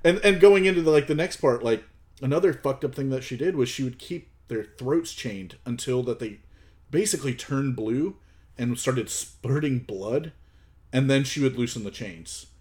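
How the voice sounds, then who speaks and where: A man hosting a podcast, telling a story in relaxed, wry casual chat. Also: mid-range voice, moderate pace. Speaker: podcast host.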